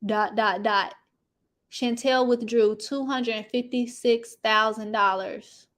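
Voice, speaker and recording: A woman hosting casual reality TV gossip commentary, chatty and animated, talking straight to her viewers. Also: on the high side, slow pace. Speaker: host.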